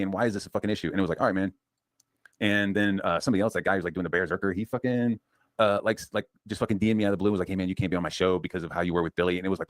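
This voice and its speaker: A man's voice: low-pitched, fairly even intonation, very fast, dry recording. A man telling a long profane story in a rambling casual rant, full of restarts and fillers. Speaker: comics channel host.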